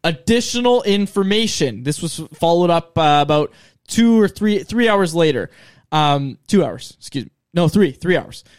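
A man's voice: a little high, lively intonation, moderate pace, dry recording. A man co-hosting a casual sports podcast, reading out news items and adding dry asides. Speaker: podcast co-host.

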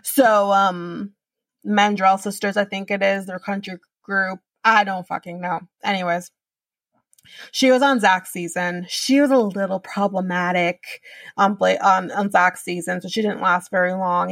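A woman's voice: medium pitch, fairly even intonation, a little slow, gravelly, a bit bright, dry recording. Chatty woman podcaster, swears a bit, dry sound, kinda far from the mic. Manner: chatty, swears casually, lots of fillers. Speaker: podcast host. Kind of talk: casual reality TV recap.

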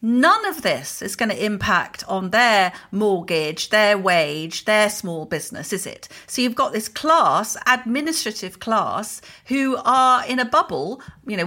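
Woman co-hosting a podcast, bright voice, emphatic, indignant. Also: medium pitch. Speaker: podcast co-host. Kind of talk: opinionated casual chat.

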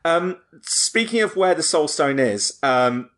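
A man's voice: on the high side, animated, slow, fairly bright tone. A man in casual podcast talk about a film, hesitant and full of restarts. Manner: hesitant, restarts often, chatty. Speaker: podcast panelist.

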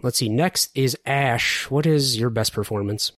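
A man's voice: mid-range voice, unhurried, no room sound, clean studio sound. A man hosting a casual podcast, talking eagerly about video game performances and handing turns to the others. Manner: animated, enthusiastic, hands off turns. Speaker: podcast host. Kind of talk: casual game awards chat.

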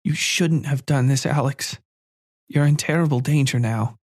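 A man voicing a worn, fearful woman who gives hushed, urgent warnings. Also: medium pitch, normal speed, dry recording, studio quality, close to an everyday voice.

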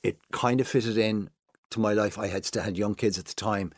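A middle-aged man talking casually as a guest and telling animated stories about his old working hours. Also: normal speed, no echo, clean studio sound. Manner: animated storyteller, jumps high to mimic others. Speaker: guest, former breakfast TV presenter. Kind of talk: casual chat.

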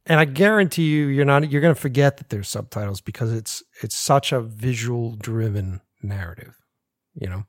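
Animated, swearing American man. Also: mid-range voice, moderate pace, dry recording, clean studio sound. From United States. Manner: animated, swearing, laughs often. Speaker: filmmaker guest. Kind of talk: casual podcast chat.

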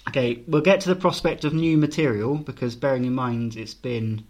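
A man's voice: mid-range voice, normal speed, a little mellow. A man co-hosting a podcast in casual chat, teasing his co-host and reading out band news with crude jokes mixed in.

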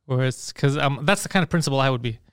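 Fast-talking profane man, casual podcast chat. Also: medium pitch, fairly bright tone, clear, resonant tone, no echo, studio quality. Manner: rapid, profane storyteller. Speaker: podcast co-host.

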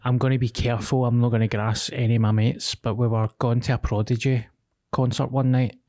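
A man's voice: mid-range voice, little pitch movement, brisk, dark tone. A young man with a Glaswegian accent, co-hosting a podcast and telling a rambling, confessional story in casual chat. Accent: Scottish, Glaswegian. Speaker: podcast co-host.

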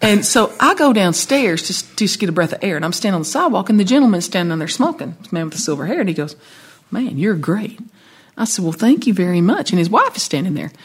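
A Southern woman songwriter tells a rambling story in an interview and slips into the voices of the people she quotes. Her voice sits a little low and has a husky edge. She keeps the story moving with asides and bursts of laughter. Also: very animated, racing, hardly any pauses. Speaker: songwriter guest.

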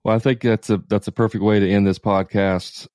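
A man's voice: fairly low pitch, level tone, a little fast, a little mellow, dry recording, clean studio sound. A man co-hosting a podcast, giving direct sales advice to listeners in a casual tone. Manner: coaching, direct, talks to listeners. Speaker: podcast co-host, sales coach.

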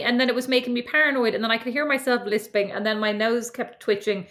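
A woman's voice: a little high, brisk, fairly bright tone. An Irish woman co-hosting a podcast in casual, wry, often laughing chat. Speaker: podcast co-host.

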